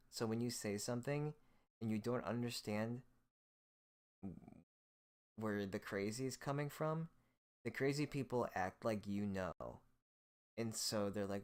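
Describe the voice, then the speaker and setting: A man's voice: on the low side, unhurried, long pauses, smooth. A man hosting a solo show, delivering a hostile, profane, scornful rant. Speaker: host.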